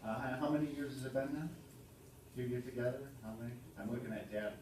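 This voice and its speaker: A man in his fifties giving a halting, dryly funny tribute speech as a son to a party audience, pausing often with ums. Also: mid-range voice, very noisy. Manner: halting, dry humorous storytelling with many ums. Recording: echoey hall from a distant mic. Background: room ambience and audience laughter.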